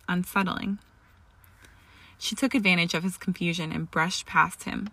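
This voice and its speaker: A woman reading a story aloud in a steady, measured way. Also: lowish voice, no echo. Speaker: fan fiction reader. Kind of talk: story narration.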